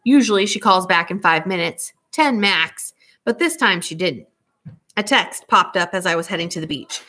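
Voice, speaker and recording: A woman's voice: fairly low pitch, lively intonation, normal speed, pushed and bright. A woman reading a novel aloud, narrating in a casual, conversational first-person way. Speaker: audiobook reader.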